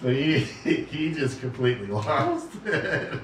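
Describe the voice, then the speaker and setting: A man's voice: medium pitch, animated, slow, background noise. Jokey guy cohosting a radio show, laughs a lot, sounds far off the mic in an echoey room. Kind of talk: casual banter. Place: radio studio.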